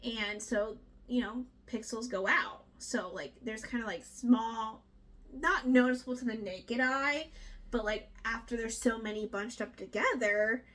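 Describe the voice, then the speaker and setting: A young woman talks through a novel's plot in a loose, chatty way, lively and a touch profane. Her voice is bright and sits a little high. She acts out characters' lines with quick bursts of energy. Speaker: book club co-host. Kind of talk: casual book discussion.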